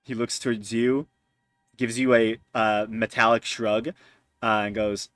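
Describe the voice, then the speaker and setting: A man narrating as game master, pausing often with fillers. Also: mid-range voice, flat delivery, a bit bright, dry recording. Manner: hesitant, many fillers.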